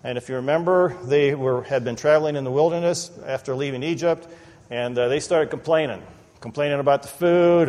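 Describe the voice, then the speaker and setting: A man preaching an expository sermon in a church, animated and conversational, often acting out the people he quotes. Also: medium pitch, fairly quick. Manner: animated, acts out quoted voices, conversational asides. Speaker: pastor. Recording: long reverb of a large hall.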